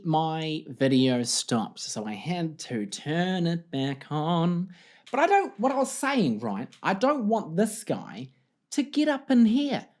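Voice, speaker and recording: A man's voice: sits high, a little mellow. A man hosting a casual solo podcast, rambling and self-deprecating, talking into a desk mic at home. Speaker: podcast host. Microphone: desk mic, wearing headphones.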